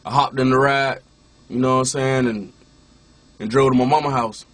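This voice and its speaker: Here the former rapper turned minister talks at a normal speed, his mid-range voice steady and a bit bright, with no echo. He tells his personal story casually, frequently restarting and repeating "you know what I'm saying."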